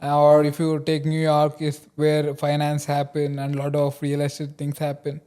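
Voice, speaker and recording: A male host asks questions in a relaxed interview, his voice a little high for a man. Between questions he mostly murmurs short acknowledgments. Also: moderate pace, smooth. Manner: brief backchannels, asks questions. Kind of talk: casual interview chat.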